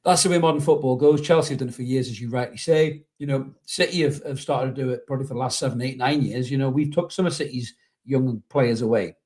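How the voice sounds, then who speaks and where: A man's voice: mid-range voice, fast talker, darkish tone. Chatty man, football podcast host. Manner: rambling, peppered with "you know", reads out viewer messages. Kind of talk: casual fan podcast chat.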